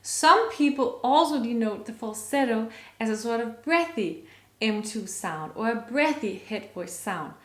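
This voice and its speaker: A woman's voice: a little high, lively intonation, a little slow, roomy sound. A woman vocal coach explaining singing technique to her viewers, upbeat and enthusiastic, stopping to sing short examples.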